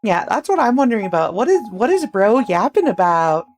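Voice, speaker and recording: A woman's voice: medium pitch, very animated, fairly quick. Woman streamer, slightly scratchy, eager and rambling, game music under her voice. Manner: chatty, rambling, greets chat eagerly. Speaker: VTuber streamer. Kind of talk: casual live-stream chat while playing.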